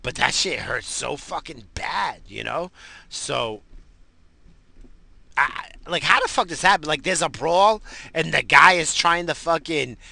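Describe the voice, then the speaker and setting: A man who says he is high, ranting in a rambling, profane, slangy way as a comic commentator. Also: lively intonation, a little slow, gravelly, sharp tone. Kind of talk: rambling comedic rant.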